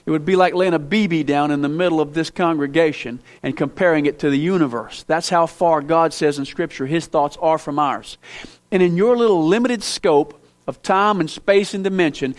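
A male preacher delivering a sermon to his congregation in a fairly high voice. He speaks to them as if in conversation, asking pointed questions, then surges to loud emphasis before dropping back to hushed asides. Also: normal speed. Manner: emphatic, with sudden loud rises and quiet drops; conversational, asks the listeners direct questions. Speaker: pastor.

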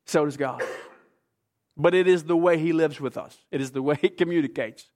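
A man preaching a sermon as pastor, emphatic, swinging between hushed, slow passages and forceful ones. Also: a little high.

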